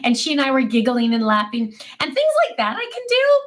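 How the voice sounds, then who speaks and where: A woman's voice: a little high, wildly swooping pitch, a little fast. A woman hosting a casual livestream from her desk, chatting about herself and answering viewers' comments in a self-mocking, chatty way. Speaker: livestream host. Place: home desk.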